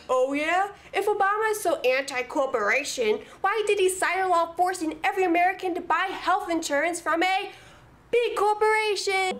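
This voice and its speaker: A woman delivering scripted political commentary in a fervent, emphatic, rapid-fire way. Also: high-pitched. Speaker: political vlogger.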